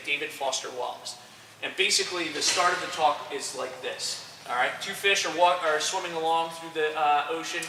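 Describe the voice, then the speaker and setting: A male soccer coach lectures a group of young athletes in a bright, forceful voice, pitched a little high. He talks directly and keeps checking in with the room. He is picked up from a distance in a large echoing room with faint background noise. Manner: energetic, direct, addresses group with frequent "okay". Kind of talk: motivational talk to young athletes. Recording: roomy echo, distant mic, faint noise.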